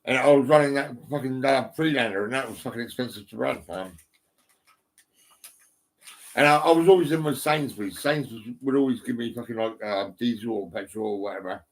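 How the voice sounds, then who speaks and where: A man's voice: mid-range voice, fairly quick. Rambling, swearing man at home. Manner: rambling, heavy swearing, many ums and restarts. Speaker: vlogger. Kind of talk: casual rambling chat. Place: indoors at home, on a settee. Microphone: phone.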